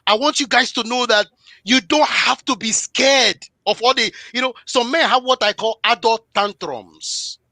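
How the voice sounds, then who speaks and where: A man with a high, bright voice delivers a fervent motivational talk, hammering points home through repetition. He speaks straight to his listeners. The sound is close and dry. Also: normal speed, dry recording. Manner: emphatic, preachy, repeats phrases for emphasis; direct address to the audience. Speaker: guest speaker on relationships.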